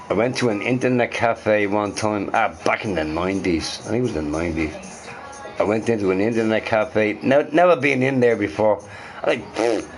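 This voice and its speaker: A middle-aged man chatting casually and profanely on a live stream, rambling and repeating himself, with faint music behind. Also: on the low side.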